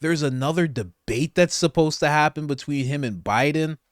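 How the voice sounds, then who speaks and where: Guy reacting to political clips, keeps laughing, kinda high voice, dry close sound. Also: moderate pace, no room sound. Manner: laughing often, incredulous and mocking. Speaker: commentary channel host.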